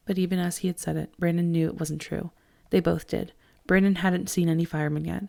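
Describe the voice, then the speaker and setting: A woman teacher reading a novel aloud with steady expression. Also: fairly low pitch, a little fast, gravelly. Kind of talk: audiobook read-aloud.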